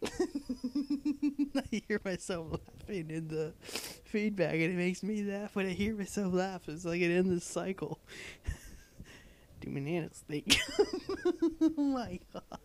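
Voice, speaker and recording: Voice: mid-range voice, lively intonation, slow pace, pauses often, a little hiss or hum. A young adult blogger casually reading blog posts aloud late at night, giddy and breaking into fits of laughter.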